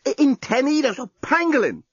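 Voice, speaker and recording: A man voicing a frantic, shouting journalist in an audiobook. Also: extremely high pitch, big pitch swings, fairly quick, dry recording, lo-fi sound, pitched above the performer's own voice, exaggerated voice. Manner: shouting, threatening.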